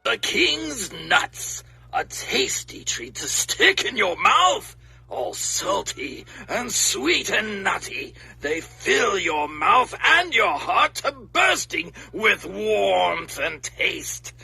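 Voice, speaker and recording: A man voicing the male announcer of a mock snack commercial, with a gravelly, drawn-out delivery. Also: sits high, sing-song, sharp tone, heavily acted. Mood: seductive.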